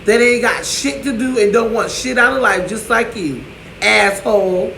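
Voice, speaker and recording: A man's voice: high-pitched, normal speed, creaky, bright, forceful tone, a little hiss or hum. A man ranting to camera in a profane, sassy, scolding way, in an echoey room. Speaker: vlogger.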